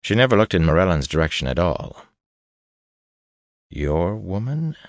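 Very deep-voiced male audiobook narrator. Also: expressive, quick pace, no echo, clean studio sound. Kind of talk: scripted fantasy narration.

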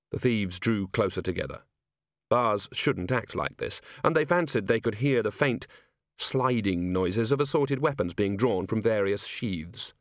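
An audiobook narrator, a man, reads a scripted story with lively pitch at a moderate pace. The recording is dry and studio quality.

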